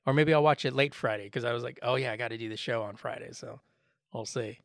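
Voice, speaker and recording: A man's voice: mid-range voice, fast, vocal fry, a bit bright, no echo, studio quality. A man co-hosting a podcast in casual chat, rambling and joking, acting out what others said. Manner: rambling, joking, acts out quoted voices. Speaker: podcast co-host.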